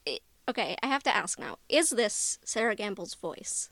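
A woman's voice: medium pitch, sing-song, normal speed, a bit bright, no echo. A woman co-hosting a podcast, talking casually and earnestly about a TV show, reflective and enthusiastic. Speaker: podcast co-host. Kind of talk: casual chat recapping a TV episode.

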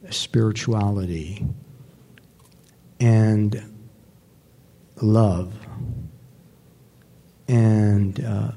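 A man giving a personal recovery testimony to an audience, speaking reflectively and pausing often with fillers. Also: fairly low pitch, gravelly, warm tone, husky. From New York. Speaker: speaker sharing his recovery story. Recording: long hall reverb.

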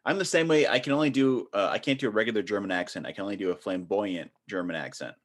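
A man hosting a relaxed interview podcast in a fairly low voice. He is chatty and laughs easily between remarks. His questions wind on at length before landing. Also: quick pace. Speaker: podcast host. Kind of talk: casual interview.

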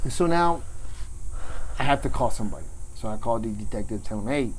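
Middle-aged male police officer, casual storyteller, profane, animated. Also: mid-range voice, fast talker, breathy edge, poor audio. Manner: profane, animated retelling, acts out others' lines.

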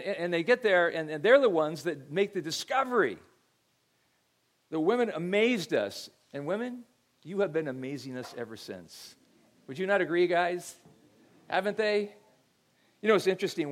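A middle-aged man preaches from the pulpit in a relaxed, conversational way, stumbling over repeated words as he tells a story. His voice sits a touch higher than most men's. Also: moderate pace. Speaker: pastor. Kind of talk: sermon.

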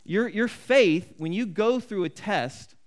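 A man preaching a sermon in a somewhat high voice. He talks in an earnest, conversational way and often restarts his sentences. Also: lively intonation, takes it slowly. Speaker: pastor.

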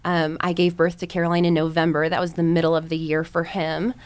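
A woman's voice: low voice, little pitch movement, a little fast. A woman in her thirties from the United States, a podcast guest telling her personal story with candid, reflective earnestness and frequent ums and likes.

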